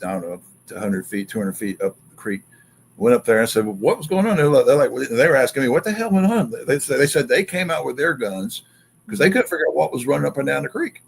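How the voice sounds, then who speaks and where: Gravelly man telling an excited story. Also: mid-range voice, quick pace. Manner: animated, acts out quotes and sounds.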